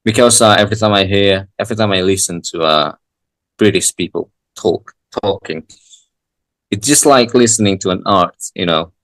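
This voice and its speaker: A man tutoring English in a casual lesson, talking haltingly with frequent restarts and fillers. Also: on the low side, fairly bright tone, no echo, poor audio.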